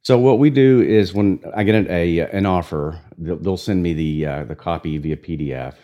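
A man who narrates audiobooks, with a deep, raspy voice, chatting in an easygoing, talkative way. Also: normal speed, lo-fi sound. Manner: relaxed, talkative, with restarts. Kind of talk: conversational interview.

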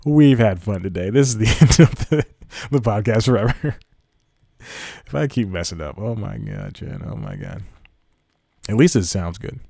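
Male podcast host, lowish voice, dry close sound, rambling and self-correcting. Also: big pitch swings, normal speed, gravelly, long pauses, warm tone, no echo. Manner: rambling, self-correcting, laughs at own slips. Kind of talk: casual solo podcast talk.

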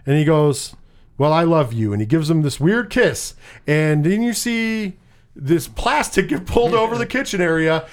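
A man's voice: a little high, animated, normal speed. A man casually retelling a film's plot on a podcast, rambling, swearing freely and acting out the characters' lines. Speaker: podcast co-host. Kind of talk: casual movie recap chat.

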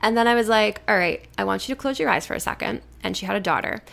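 A woman's voice: mid-range voice, fast talker, creaky, fairly bright tone. A woman coaching on eating habits, talking casually and animatedly, acting out the voices of people she quotes. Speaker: nutrition coach.

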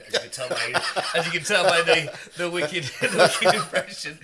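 A man hosting a podcast, telling stories in casual chat, animated and laughing often, with plenty of swearing. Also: fairly high pitch, fairly quick, crowd noise. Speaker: podcast host.

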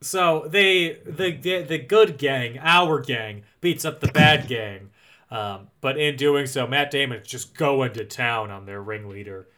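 Bright-voiced man recapping a film. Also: medium pitch, measured pace, few pauses. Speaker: podcast co-host. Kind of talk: casual movie recap chat.

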